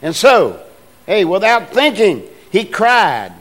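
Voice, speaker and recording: An older man delivers a sermon in a slightly high voice, with plain, homespun phrasing. He drops to a hushed storytelling tone and then climbs into emphatic, rising preaching, often restarting his phrases. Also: wildly swooping pitch, takes it slowly.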